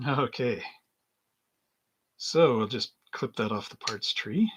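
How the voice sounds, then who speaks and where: A man's voice: medium pitch, lively intonation, slow pace, slight background noise. A middle-aged man hosting a model-building livestream, rambling through anecdotes in casual chat and chuckling often as he works at his bench.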